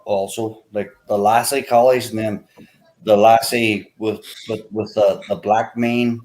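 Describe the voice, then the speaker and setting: A man's voice: fairly low pitch, little pitch movement, a little slow, darkish tone, rough recording. A man chatting casually on a video call, rambling with many "you know" fillers. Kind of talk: casual chat.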